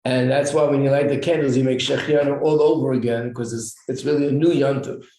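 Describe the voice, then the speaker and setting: Speaking briskly in a warm, steady medium-pitched voice, a man explains religious customs to a small, informal class and asks them questions, clearing his throat often. The echoey room gives the recording a roomy sound with faint noise.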